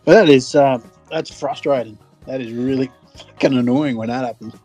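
A man's voice: mid-range voice, moderate pace, a little mellow, slightly rough, faint music behind. An Australian man co-hosting a casual podcast, blunt and sweary, laughing easily as he tells a story. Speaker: podcast co-host. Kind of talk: casual chat.

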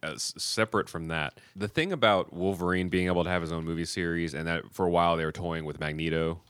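Deep-voiced rambling podcast host, man. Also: fairly even intonation, quick pace, a bit bright, smooth, no room sound. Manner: rambling, many fillers and restarts. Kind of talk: casual chat.

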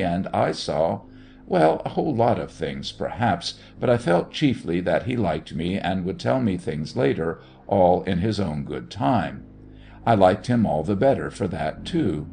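Low gravelly guy reading a story out loud, chatty and measured, lots of ups and downs in pitch. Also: faint music behind. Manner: measured, conversational, with animated dialogue. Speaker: audiobook narrator. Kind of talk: first-person storytelling.

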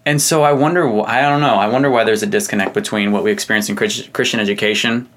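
A man's voice: lowish voice, steady tone, quick pace, fairly bright tone. A man co-hosting a casual podcast chat, asking questions with wry, irreverent humor.

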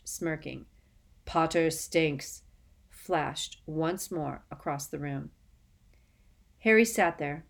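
Woman narrating a story, lowish voice. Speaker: audiobook narrator. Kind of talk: scripted narration.

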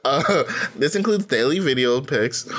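A man's voice: mid-range voice, expressive, measured pace, noisy background. A man co-hosting a casual podcast chat, loose and joking, mocking what he reads aloud. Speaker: podcast co-host.

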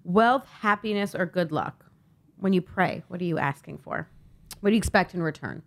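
A woman's voice: on the low side, normal speed. A woman hosting a quiz on a casual podcast, reading out questions and options and teasing the players with a laugh. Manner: playful, teasing, laughs often. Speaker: guest quizmaster.

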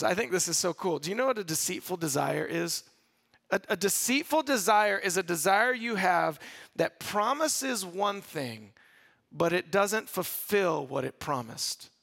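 Gravelly high-voiced male preacher. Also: a bit bright. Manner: conversational preaching with repeated restarts. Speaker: pastor. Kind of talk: sermon.

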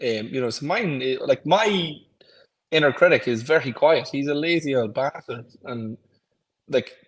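A man's voice: medium pitch, animated, normal speed, husky, rough recording. A man co-hosting a podcast in casual chat, encouraging and thinking aloud as he talks. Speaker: podcast co-host.

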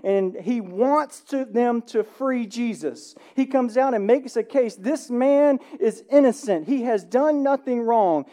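A man pastor preaching a sermon, animated, swinging between loud emphasis and hushed passages, often asking the room "right?". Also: very high-pitched, measured pace, hardly any pauses. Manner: conversational, asks the room "right?".

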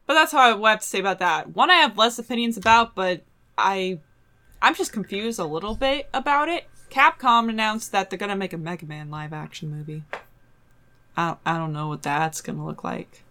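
A woman hosting a casual pop-culture podcast, animated and emphatic, often trailing off mid-sentence. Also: mid-range voice, fairly quick. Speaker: podcast host reading news.

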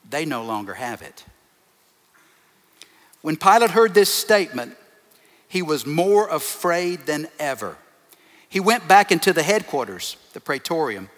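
Delivering a sermon to his flock, this male pastor has a fairly high voice that swings widely in pitch, moving at normal speed with a slightly bright tone. His emphatic style piles on short, repeated phrases. Long reverb from a big hall surrounds him.

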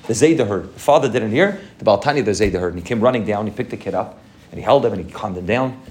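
A man's voice: lowish voice, animated, fast talker, a little mellow. A man giving a fervent sermon to his congregation as its rabbi, telling stories and weaving in many Hebrew and Yiddish terms. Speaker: rabbi of a synagogue.

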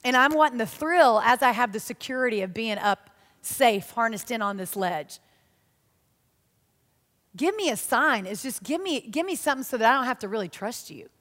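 A woman giving a sermon, telling stories in a lively, self-mocking way. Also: fairly high pitch, normal speed. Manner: animated, self-mocking storytelling. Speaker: church speaker. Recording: long reverb of a large hall.

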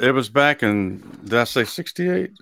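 A man's voice: medium pitch, big pitch swings, moderate pace, gravelly, fairly bright tone, no room sound. Man, podcast co-host, folksy, chuckling, fillers, dry close recording. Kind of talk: casual chat.

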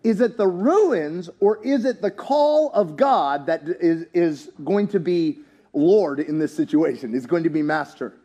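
A man preaching a sermon in a church, animated and joking, rising to shouts at his peaks. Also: fairly high pitch, unhurried. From US, town near country. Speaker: pastor.

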